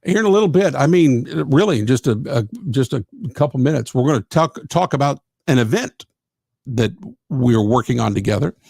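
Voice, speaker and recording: Creaky-voiced radio host. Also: male voice, medium pitch, lively intonation, fairly quick, a little mellow, no echo, clean studio sound. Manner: chatty and effusive, with frequent thanks and "amen". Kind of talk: live radio chat reading out listener comments.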